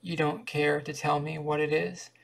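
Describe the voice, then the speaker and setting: A vain, gallant singing teacher, pompous with his pupils, as a man reads him aloud in a storybook reading. The voice stays flat and level and carries a gravelly edge. It rarely rises above a plain reading tone. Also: a little high, normal speed. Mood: gentle.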